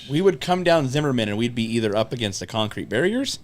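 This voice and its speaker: A man's voice: medium pitch, fast. A young man on a podcast telling road stories in casual chat, cursing freely and acting out what people said. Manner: animated storyteller, swears freely, acts out quotes. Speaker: podcast co-host.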